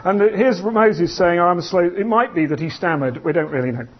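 A man preaching a sermon in an animated, conversational storytelling manner. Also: sits high, moderate pace, husky. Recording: dull lo-fi sound.

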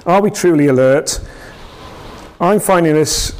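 A man's voice: fairly high pitch, measured pace, clear, resonant tone. A man giving an informal church talk, conversational and rambling, with frequent restarts and asides to the congregation. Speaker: preacher. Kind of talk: informal sermon.

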